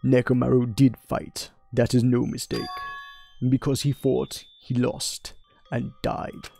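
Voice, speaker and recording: A man's voice: mid-range voice, level tone, unhurried, gravelly, mellow, soft background music. A man voicing a grandiose, haughty young man in a posh put-on voice, declaiming formally while playing through a game. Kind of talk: let's play voice acting.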